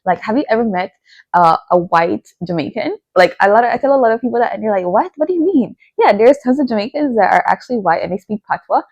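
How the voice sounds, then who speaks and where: A young woman talks quickly and casually about books, her words tumbling out with plenty of "like" and "you know". Her voice sits in a middle register and is recorded dry and close, with no room sound. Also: medium pitch, animated, dry recording, highs cut off. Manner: chatty, lots of "like" and "you know". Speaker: book vlogger.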